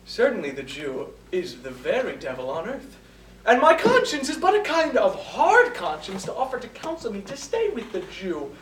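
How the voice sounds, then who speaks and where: A woman's voice: medium pitch, wildly swooping pitch, normal speed, a little hiss or hum. A woman playing a young comic male servant in a stage performance of a classic verse drama, clowning and switching between mock voices. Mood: mischievous. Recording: roomy hall from a far camera.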